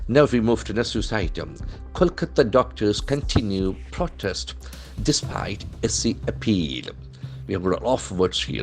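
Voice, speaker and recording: A man teaching English vocabulary from the newspaper, spelling words letter by letter and explaining how each is pronounced. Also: low voice. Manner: explains pronunciation and meanings methodically. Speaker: English language trainer.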